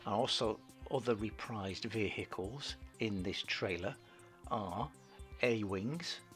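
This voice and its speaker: Low-voiced man in playful banter. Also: slow, fairly bright tone, soft background music. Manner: playful, boasting fan banter. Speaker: podcast co-host. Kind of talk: casual chat.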